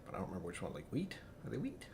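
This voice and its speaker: A man's voice: sits low, wildly swooping pitch, very fast, vocal fry, background noise. A man tasting whisky on a live stream, rambling casually, joking at his own expense and chatting with viewers as he reads out their comments. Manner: rambling, self-deprecating, jumps between topics.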